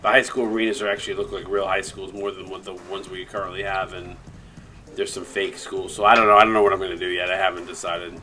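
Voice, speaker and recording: A man's voice: sits low, little pitch movement, quick pace, sharp tone. A man commentating a streamed video game basketball game, casually rattling off player stat lines with joking asides. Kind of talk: casual play-by-play recap.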